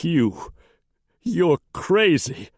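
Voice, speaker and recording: A man's voice: big pitch swings, very slow, a little mellow, dry recording, full character voice. A man voicing a wounded carpetbagger who gasps and pleads in panic. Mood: panicked pleading. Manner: gasping, shrill and panicked. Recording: dry close recording.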